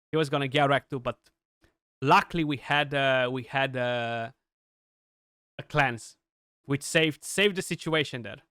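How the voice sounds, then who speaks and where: A young man giving chatty, excitable live commentary on his gameplay, with many restarts and fillers. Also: fairly high pitch, smooth, no room sound, clean studio sound. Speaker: gaming streamer.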